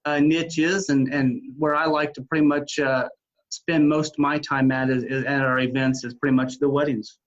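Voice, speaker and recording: A man who owns a wedding DJ business, answering interview questions in a halting way, full of fillers and restarts. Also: a little high. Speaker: wedding DJ business owner, guest. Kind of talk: casual interview talk. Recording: dull lo-fi sound.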